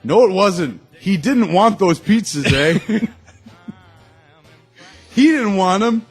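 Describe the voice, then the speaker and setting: A man doing a loud, outraged Canadian guy. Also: sits high, lively intonation, slow, husky, soft background music, voice pushed up, heavily acted. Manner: shouting, tacks on "eh". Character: indignant righteous Canadian man, loud and scolding.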